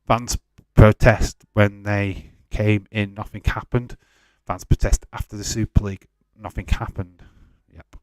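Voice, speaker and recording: Male stream host, 40s, defensive, addresses chatters by name, low voice, dry sound. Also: little pitch movement, measured pace, no room sound. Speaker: livestream host. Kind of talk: casual watch-along chat, answering live chat.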